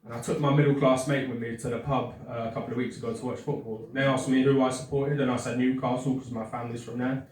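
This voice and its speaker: A young man doing a stand-up comedy set in a pub, with a dry, halting delivery full of fillers and restarts. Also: mid-range voice, little pitch movement, darkish tone. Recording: echoey pub room with distant mic. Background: crowd laughter.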